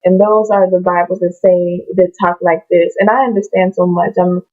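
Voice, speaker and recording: A woman's voice: on the low side, steady tone, normal speed, darkish tone. A woman casually reading from the Bible and talking about it, rambling off on tangents and restarting her sentences. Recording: tinny phone-like sound.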